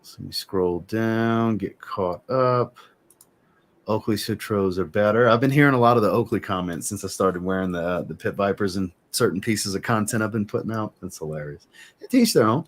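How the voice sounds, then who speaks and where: A man's voice: on the low side, moderate pace. A man hosting a casual livestream, reviewing fragrances and reading out chat comments in an easygoing way.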